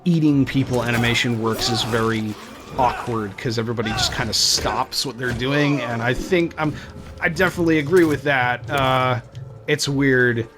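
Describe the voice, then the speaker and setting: A man's voice: mid-range voice, normal speed. Male host, mid-range voice, dry commentary over gameplay. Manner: dry, musing remarks while playing. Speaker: host playing the game. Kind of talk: let's play commentary.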